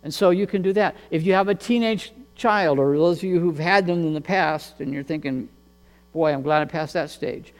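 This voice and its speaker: A man preaching a sermon as pastor, earnest and measured, often repeating words as he goes. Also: fairly high pitch, big-room sound.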